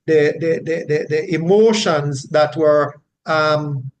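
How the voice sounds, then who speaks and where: A man's voice: a little high, lo-fi sound. A man teaching the Bible verse by verse in an explanatory way, often checking in with his listeners. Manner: unhurried, explanatory, frequent tag questions.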